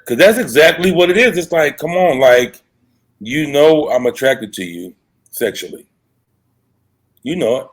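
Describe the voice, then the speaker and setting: A man's voice: fairly high pitch, animated. A man hosting a casual live show as a dating coach, talking frankly in a loose, rambling way and reading out viewer comments. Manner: loose and rambling, frank, quick asides and self-corrections.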